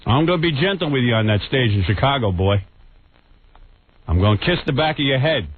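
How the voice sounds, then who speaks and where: A man's voice: medium pitch, lively intonation, a little fast. A man hosting a radio show, taunting a rival in a crude, mock-menacing bit. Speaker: radio host. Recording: tinny lo-fi radio broadcast, faint hiss.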